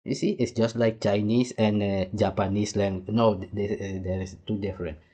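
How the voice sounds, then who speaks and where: A man's voice: on the low side, little pitch movement, normal speed, mellow. A man from Suriname, giving casual, rambling reaction commentary that often drifts and trails off. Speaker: host reacting to a clip.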